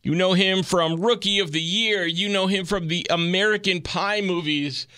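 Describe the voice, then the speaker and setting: A man's voice: high-pitched, normal speed, pushed and bright, clean tone. A man in his forties hosting a morning radio show, upbeat and casual with his guest. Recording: radio broadcast.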